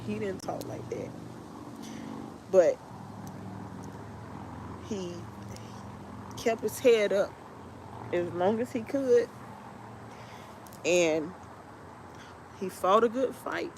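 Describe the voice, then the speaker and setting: Slow-talking tearful woman. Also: mid-range voice, darkish tone, low-quality recording. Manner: halting, emotional, heartfelt. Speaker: podcast host. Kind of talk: personal storytelling. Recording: noticeable background noise.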